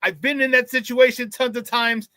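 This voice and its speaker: Fired-up high-voiced man hosting sports talk. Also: moderate pace, dry recording. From Chicago area. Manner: fired-up, excitable, repeats words when animated. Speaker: sports talk show host. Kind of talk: casual sports radio talk.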